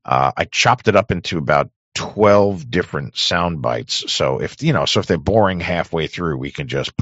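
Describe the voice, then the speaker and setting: A man hosting a talk show, rambling in crude, sarcastic casual commentary with a hoarse voice. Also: low-pitched, lively intonation, moderate pace, fairly bright tone, no room sound, muffled recording. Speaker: podcast host.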